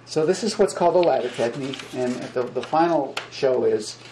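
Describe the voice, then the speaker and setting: A man giving an informal spiritual lecture to a small group, speaking gently and repeating words, growing animated when he acts out examples. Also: medium pitch, fairly quick, a little hiss or hum, poor audio. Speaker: spiritual teacher.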